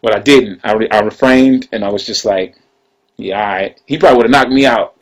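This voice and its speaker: A man's voice: mid-range voice, moderate pace, rough recording. A man, casually telling a personal story, loose and conversational, often tossing in "you know what I'm saying.".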